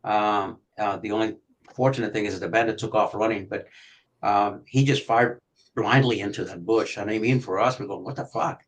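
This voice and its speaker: An older man and retired detective telling police stories in a profane, animated way, acting out shouting as he goes. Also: fairly low pitch, normal speed, poor audio. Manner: profane, animated storyteller who acts out shouting. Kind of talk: storytelling on a podcast.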